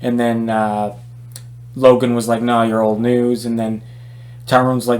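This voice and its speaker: A man's voice: medium pitch, little pitch movement, a little slow, pauses often, darkish tone. A man giving his opinions in a casual boxing commentary vlog, talking loosely with fillers and restarts.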